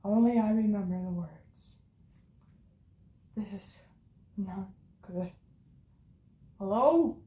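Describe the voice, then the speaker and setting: A woman's voice: medium pitch, slow, long pauses, reverberant, close to an everyday voice. A woman voicing a frightened, pleading male fox in an amateur audio drama. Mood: worried. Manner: anxious, soft-spoken then desperate.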